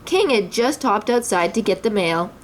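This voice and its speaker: A woman's voice: mid-range voice, lively intonation, normal speed, a little hiss or hum. A woman reading a children's story aloud expressively, a mother voicing the characters.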